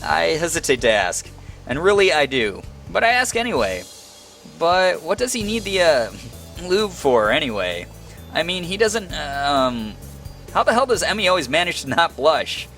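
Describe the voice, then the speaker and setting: Animated young man reading a game aloud. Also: fairly high pitch, moderate pace, soft background music. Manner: animated, laughing asides between read lines. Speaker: game streamer. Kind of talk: reading a visual novel aloud with commentary.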